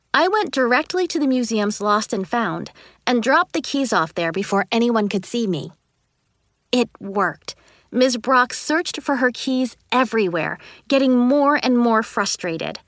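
Woman reader for a kids' novel, playful and expressive, animated and unhurried. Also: fairly high pitch, dry recording, clean studio sound. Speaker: narrator. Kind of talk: first-person storybook reading.

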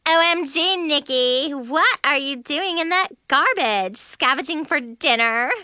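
A woman's voice: medium pitch, steady tone, slow pace, sharp tone, clear, resonant tone, no room sound. A woman voicing a snobby, mean teenage girl who talks in a taunting, fake-sweet way. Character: snobby mean teen girl, mocking queen bee.

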